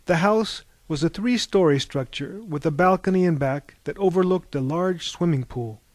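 A man's voice: fairly high pitch, moderate pace, no echo. Man with a wry mock-epic narration. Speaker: audiobook narrator. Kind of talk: scripted narration.

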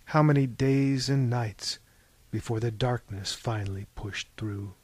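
A man narrating a literary audiobook in a measured, intense manner. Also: mid-range voice, a little mellow.

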